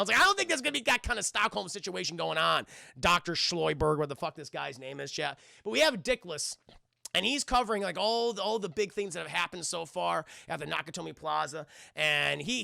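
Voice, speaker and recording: A man's voice: a little high, vocal fry, pushed and bright, no room sound, clean studio sound. A man giving a rambling, profane scene-by-scene film recap, constantly talking to his chat. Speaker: film reviewer streaming to chat.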